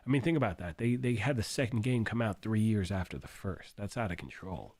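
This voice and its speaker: A man hosting a gaming livestream, hoarse and losing his voice, rambling and thinking out loud while reading chat. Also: on the low side, lively intonation, brisk, no room sound.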